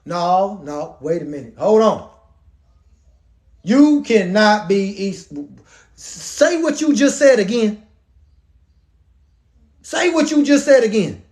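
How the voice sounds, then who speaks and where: A man doing an aged father who talks in loose everyday slang, shaken and confused. The voice sits high. The figure is a retelling of an old story put into modern words. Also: expressive, slow, long pauses, darkish tone. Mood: shocked. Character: old blind father, shocked and bewildered.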